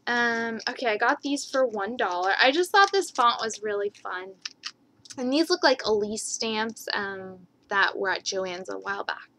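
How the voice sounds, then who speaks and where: A woman's voice: mid-range voice, animated, unhurried, bright, forceful tone, a little hiss or hum, poor audio. A woman showing off her scrapbooking purchases in a casual haul video, gushing and repeating how much she loves each item, with rambling asides.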